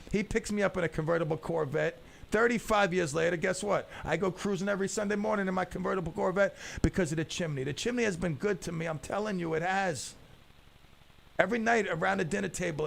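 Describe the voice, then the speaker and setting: A middle-aged man hosts a talk radio show in a high, gravelly voice. He jokes around and rambles, stumbling over his words as he goes. He speaks into a studio microphone. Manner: jokey, rambling storyteller with many restarts. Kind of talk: casual talk radio banter.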